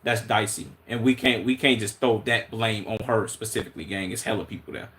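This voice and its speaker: Male streamer, Chicago accent, lowish voice, loose slangy commentary that thinks out loud. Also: fairly quick. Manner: relaxed, thinking aloud with slang and restarts. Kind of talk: casual live-stream commentary.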